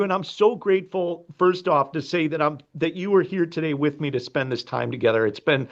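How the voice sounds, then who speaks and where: A man's voice: on the high side, fairly quick, few pauses, dull audio. A man hosting a podcast over a video call, earnest and effusive. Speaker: podcast host. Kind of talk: casual conversation.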